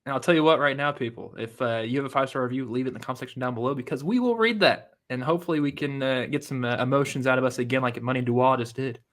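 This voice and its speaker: A man co-hosting a podcast in casual chat, tossing in quick teasing wisecracks. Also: mid-range voice, a bit bright. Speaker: podcast co-host.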